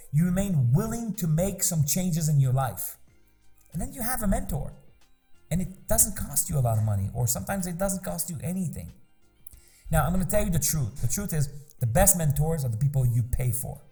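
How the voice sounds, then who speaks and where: A man's voice: a little high, mellow. A man speaking as a business mentor in an emphatic motivational talk, repeating rhetorical questions to drive points home.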